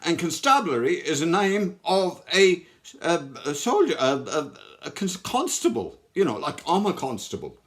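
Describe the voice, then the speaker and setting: A man's voice: a little high, very animated, normal speed, a bit bright, pitched above the performer's own voice. A man plays a cocky policeman with a London accent, chatty and mocking, tripping over his own words. His voice sits well above the performer's own and bounces around a lot. This is a comic history act for kids. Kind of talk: costumed comic history impersonation.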